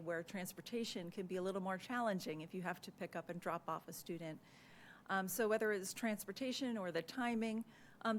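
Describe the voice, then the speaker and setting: A woman administrator, hoarse and losing her voice, gives a measured, earnest report at a public meeting with frequent "uh" and "um" fillers, into a desk microphone in a meeting room. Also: mid-range voice, slight background noise. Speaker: school district administrator presenting a report.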